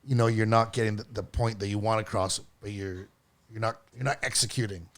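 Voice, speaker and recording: Man, lowish voice; rambling podcast co-host who chuckles through his points. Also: steady tone, fairly quick. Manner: rambling, laughs between phrases. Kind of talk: casual chat.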